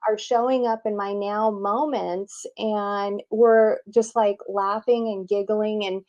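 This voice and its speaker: A woman's voice: mid-range voice, takes it slowly. Playful woman in her fifties, lo-fi. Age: 50s. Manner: animated, playful, frequent "you know". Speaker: host. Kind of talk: casual spiritual talk-show chat. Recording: dull lo-fi audio.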